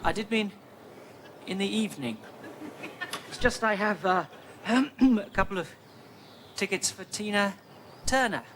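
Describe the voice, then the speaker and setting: A bashful lovesick squire. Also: male voice, high voice, measured pace, a bit bright, slight background noise. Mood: bashful, longing. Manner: hesitant, stammering, yearning. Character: shy lovesick upper-class country squire, man. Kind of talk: sketch comedy acting.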